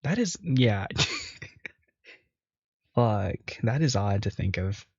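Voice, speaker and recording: Low-voiced male let's player, casual and profane, dull lo-fi mic. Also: expressive, a little slow, darkish tone, slightly rough, dry recording. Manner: casual, swears, reacts with laughter. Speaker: let's play host. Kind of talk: casual game commentary and reading aloud.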